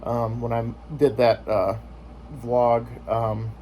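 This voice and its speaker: A man's voice: medium pitch, flat delivery, takes it slowly, muffled recording, a little hiss or hum. A man vlogging in casual chat, joking and rambling with lots of filler words.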